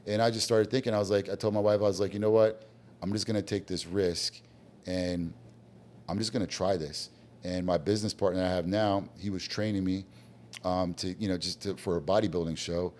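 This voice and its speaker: Man, very low voice, blunt storyteller, casual podcast guest who acts out quoted dialogue. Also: steady tone, a little fast, darkish tone, a little hiss or hum. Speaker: guest business owner.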